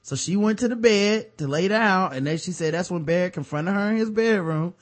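Excitable man in casual banter. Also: a little fast. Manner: animated, reads news aloud, bursts into high excitement. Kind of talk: casual chat.

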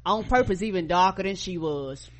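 A man co-hosting a podcast, chiming in with blunt, quick remarks in casual comedic chat. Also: high-pitched. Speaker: podcast co-host.

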